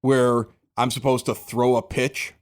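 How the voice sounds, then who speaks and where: A man's voice: mid-range voice, level tone, a little slow. A man hosting a podcast, chatting casually at a basement home bar and telling rambling stories with plenty of laughs. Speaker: podcast host.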